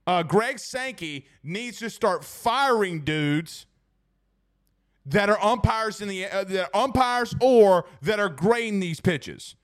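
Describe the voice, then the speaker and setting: A young man hosts a loose sports talk stream, and his voice sits high for a man. He rambles and rants with plenty of fillers, restarts and asides to the chat. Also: expressive, slow pace. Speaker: sports talk show host.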